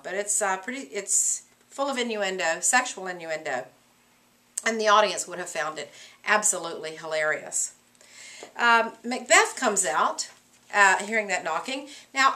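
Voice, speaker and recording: A middle-aged woman teacher lecturing a class on a play, animated and acting out characters' lines. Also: mid-range voice. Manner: animated, acts out characters' lines in quick voices.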